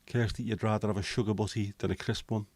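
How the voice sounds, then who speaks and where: A man's voice: on the low side, steady tone, fast, a little mellow, slightly rough, dry recording. A man, hosting a casual livestream chat, bantering with viewers and swearing casually. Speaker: livestream host.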